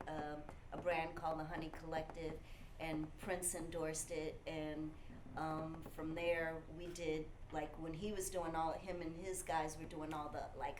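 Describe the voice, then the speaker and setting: A woman with a fairly low voice talks casually, spinning an animated story with many "you know"s. The room is echoey, with a faint hiss behind her. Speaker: music industry manager. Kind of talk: casual conversation.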